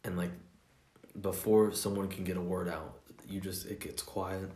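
A man's voice: deep voice, level tone, moderate pace, darkish tone, echoey room. A man in casual podcast chat, joking and ranting with plenty of swearing. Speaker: podcast co-host.

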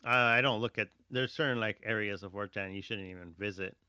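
A man's voice: on the low side, fairly quick, sharp tone, clear, resonant tone, no room sound. A young man co-hosting a podcast, teasing his friend and laughing through casual stories. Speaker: podcast co-host. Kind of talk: casual chat. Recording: dull lo-fi dry sound.

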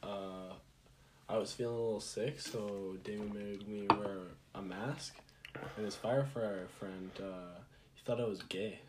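A young man co-hosts a casual podcast chat, rambling hesitantly with plenty of fillers and restarts. His voice is fairly low with fairly even intonation and an unhurried pace, and the recording is very noisy.

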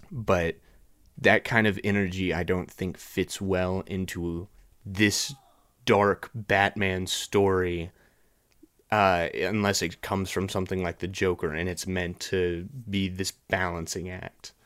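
A man's voice: on the low side, no echo, clean studio sound. A man hosting a podcast, chatting casually about movies in a rambling way with many restarts. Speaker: podcast host.

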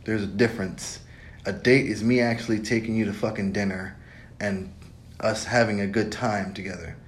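A man's voice: steady tone, moderate pace. A man giving blunt, profane dating advice in a casual podcast monologue. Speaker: podcast host. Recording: echoey room with faint rumble.

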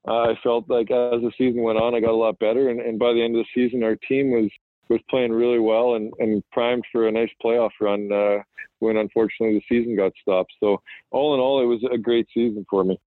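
Guest, man in his thirties, low and flat, rambling and relaxed, on a tinny, dry phone line. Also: a little fast, dry recording. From Manitoba, Canada. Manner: relaxed, rambling, frequent fillers and restarts. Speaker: guest, professional hockey player. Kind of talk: casual phone interview.

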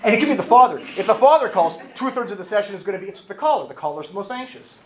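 Male therapist presenting, lively and funny, high animated voice, echoey hall, faint noise. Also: racing. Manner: lively and joking, acts out voices. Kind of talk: humorous conference talk. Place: conference hall.

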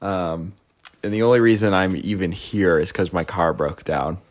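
A man's voice: deep voice, moderate pace. Laid-back young man telling a story. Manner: laid-back, laughs often, acts out quoted voices. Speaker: podcast co-host. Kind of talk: casual storytelling chat.

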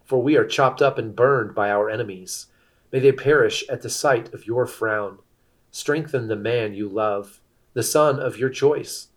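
A man reading scripture aloud as scripted narration, steady and measured. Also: mid-range voice. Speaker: scripture reader.

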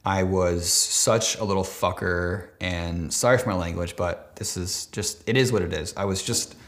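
A man's voice: sits low, steady tone, normal speed. A man of twenty-nine talking casually and emotionally to camera, rambling with many fillers and restarts, swearing now and then, choked up at times. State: near tears, choked up at times. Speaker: vlogger. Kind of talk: casual heartfelt talk to camera.

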